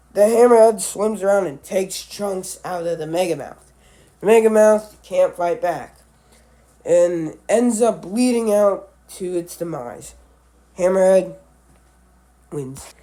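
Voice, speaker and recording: Man, under the weather, unhurried and warm-toned, stumbles over names in a casual read-along. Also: sits high. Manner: halting, self-correcting, stumbles over names. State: sick, voice a little off. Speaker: animal video creator.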